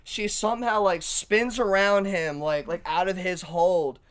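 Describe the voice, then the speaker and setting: Animated, laughing man telling a story. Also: high voice, a little slow, smooth. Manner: animated, laughing storyteller who swears a lot. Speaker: podcast co-host. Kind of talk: casual storytelling chat.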